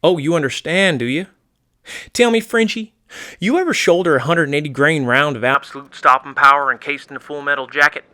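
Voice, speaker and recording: A man's voice: a little high, brisk, bright, forceful tone. A man doing a brash, gun-loving rural guy. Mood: boastful. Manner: blustering, crude and folksy. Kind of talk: comedy sketch acting.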